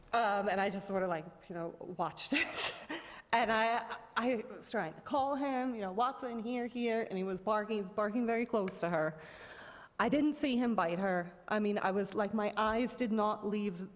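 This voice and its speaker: Rambling woman in an echoey hall. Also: mid-range voice. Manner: rambling, many fillers and restarts. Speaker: dog owner at a public hearing. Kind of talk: informal testimony. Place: town board meeting room. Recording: long reverb of a meeting room.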